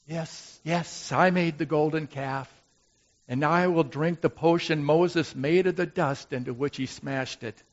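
A man playing a gentle, humble brother of Moses in a slow, musing dramatic monologue. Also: a little high, lo-fi sound, lightly acted. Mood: reflective. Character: gentle brother of Moses, who made the golden calf, humble and reflective.

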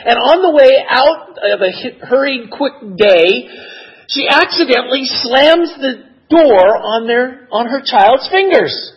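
A man preaching a sermon in an expressive, measured way that builds to emotional emphasis. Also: extremely high pitch, slightly rough, lo-fi sound. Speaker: pastor.

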